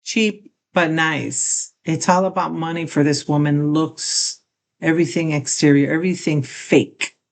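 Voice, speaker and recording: A woman's voice: low voice, fairly even intonation, unhurried. An older woman reacting to a clip, commenting in an indignant, critical way. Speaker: reaction video host. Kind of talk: casual commentary.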